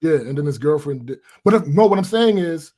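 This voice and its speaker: A man's voice: a little high, lively intonation, fairly quick, dark tone. Man reasoning aloud on a podcast. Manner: thinks aloud, restarts and reasons step by step. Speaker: podcast co-host. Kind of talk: casual chat.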